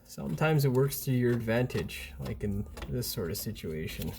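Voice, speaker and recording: A man's voice: medium pitch, animated, normal speed, creaky, a little mellow, slight background noise. Blunt, casual man explaining a car repair. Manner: casual, blunt, mildly profane. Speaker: mechanic and channel host. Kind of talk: hands-on repair tutorial.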